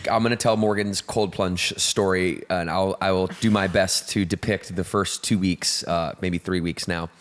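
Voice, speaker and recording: A man's voice: low-pitched, steady tone, moderate pace, few pauses. A man co-hosting a casual fitness talk show, telling a story with lots of fillers and restarts. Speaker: co-founder and co-host. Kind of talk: casual podcast chat.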